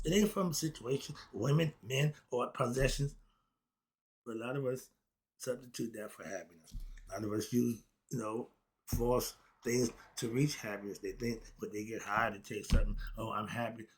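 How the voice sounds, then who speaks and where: A man's voice: mid-range voice, slightly rough. A man giving a casual spoken lecture on self-knowledge and happiness, in a preachy way that asks questions and answers them himself. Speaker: self-help philosophy talk host.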